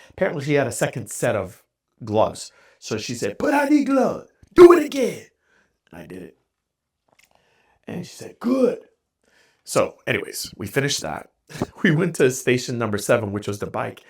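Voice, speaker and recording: Lively man telling a story. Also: mid-range voice. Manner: animated, self-deprecating, candid. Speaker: podcast host. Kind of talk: casual storytelling monologue.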